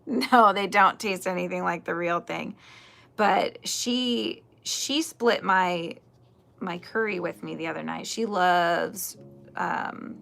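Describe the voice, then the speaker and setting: A woman's voice: fairly low pitch, takes it slowly, gravelly, a bit bright, faint music behind. A woman in her forties hosting a casual crochet livestream, chatting and answering viewer comments with frequent laughs. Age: 40s. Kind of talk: casual chat while crocheting.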